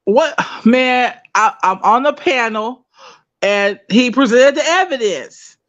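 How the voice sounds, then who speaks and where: A woman calls into a live show and answers defensively, getting flustered. She speaks slowly with a high, lively voice. Her audio comes through muffled and lo-fi. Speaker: caller.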